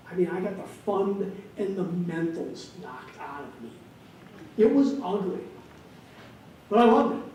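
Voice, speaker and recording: Animated storyteller guy in his 50s giving a keynote, high-ish voice, big echoey room. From Wisconsin, USA. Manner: animated storyteller with comic timing. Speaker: keynote speaker. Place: large hall, on stage. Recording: echoey hall, distant mic, faint noise.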